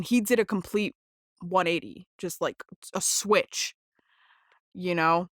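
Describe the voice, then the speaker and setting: A woman's voice: medium pitch, fairly bright tone, no echo, clean studio sound. Gushing, laughing woman podcast host. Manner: gushing, laughing, swearing fan. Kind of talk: casual solo podcast talk.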